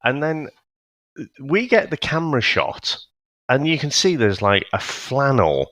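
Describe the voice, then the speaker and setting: A man's voice: mid-range voice, wildly swooping pitch, measured pace, fairly bright tone, no echo, clean studio sound. A man co-hosting a podcast, chatting casually about a film with a wry, incredulous manner and frequent laughs. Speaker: podcast co-host. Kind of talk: casual film review chat.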